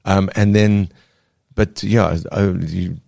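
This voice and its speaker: A South African man, a cartoonist guest in a casual interview, speaking earnestly and pausing to search for words. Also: low-pitched, steady tone, gravelly, a little mellow, no room sound, clean studio sound.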